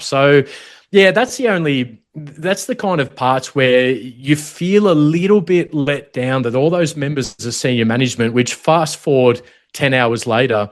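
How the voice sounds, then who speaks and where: A man's voice: a little high, moderate pace. A middle-aged Australian man, a former protection officer, telling stories in an interview in a blunt, matey way with swearing, choked up at times. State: choked up, holding back tears at times. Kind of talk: emotional storytelling interview.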